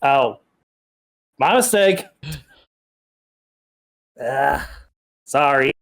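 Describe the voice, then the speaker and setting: A man's voice: mid-range voice, lively intonation, extremely slow. A man chatting casually with a friend on a voice call, laid-back and wry. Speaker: friend on the stream.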